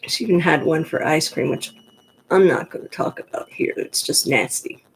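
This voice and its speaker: A woman from the New York Pocono area with a gruff voice, rambling frankly in a casual monologue to the camera. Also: deep voice, moderate pace, slight background noise, rough recording. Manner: chatty, digressive, frank. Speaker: vlogger.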